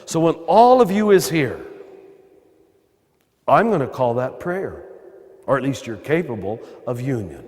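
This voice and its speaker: Older American priest in cathedral reverb. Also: male voice, mid-range voice, sing-song, measured pace, long pauses, darkish tone, husky. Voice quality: throaty. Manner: conversational, wry asides. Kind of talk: spiritual talk to a live audience. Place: large cathedral.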